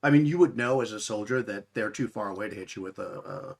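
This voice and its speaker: Man, game master, gravelly, husky, rambling narration. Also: fairly low pitch, a little fast. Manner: rambling, many restarts and fillers.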